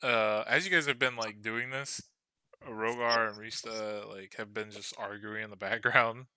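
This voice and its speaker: Male game master, unhurried, halting, bright, clear tone. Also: lowish voice, steady tone, no echo. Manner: halting, with many fillers and restarts. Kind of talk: narrating a tabletop game.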